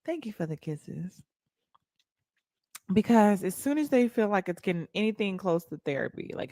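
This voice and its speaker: A young woman speaking in an African American Vernacular English accent hosts a casual livestream, sassily answering her chat. Her medium-pitched voice is mellow and sing-song, moving at a moderate pace, captured dry with studio quality.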